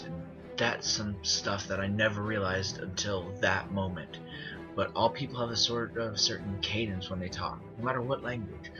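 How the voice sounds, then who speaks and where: Low-voiced man telling a horror story. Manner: earnest storyteller, restarting phrases and slowing on creepy details. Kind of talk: narrating a first-person horror story. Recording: dull lo-fi recording with music behind. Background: music bed.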